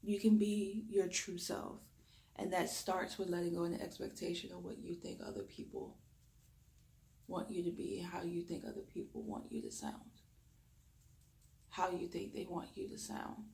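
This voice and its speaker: A woman with a Southern drawl speaks in a low, gravelly voice with a slight lisp. She is a reiki practitioner giving a reflective talk, reining in her quick pace so she speaks slowly and deliberately. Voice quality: deep raspy voice. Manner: talks fast when excited, deliberately slowing down. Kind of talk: spoken reflection during a reiki session.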